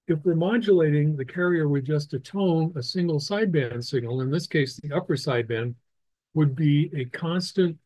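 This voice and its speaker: A man teaching a ham radio licensing class over slides, explaining slowly with many restarts and fillers. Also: a little high, a little mellow, dry recording, low-quality recording. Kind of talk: technical lecture over slides.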